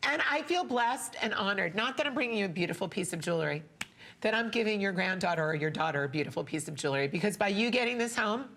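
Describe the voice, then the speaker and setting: A woman on a shopping channel giving a sentimental, repetitive sales pitch for jewelry, tearing up as she talks. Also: animated, quick pace, fairly bright tone. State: teary. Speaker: jewelry designer and shopping show guest.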